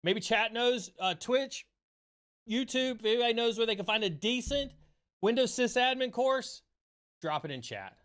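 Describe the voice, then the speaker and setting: A man's voice: very high-pitched, lively intonation, moderate pace, fairly bright tone, clear, resonant tone. A man hosting a livestream chat, giving an impassioned, repetitive motivational talk with casual swearing, then answering viewer questions. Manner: impassioned, swears freely, repeats phrases for emphasis. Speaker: streamer host. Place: home streaming setup.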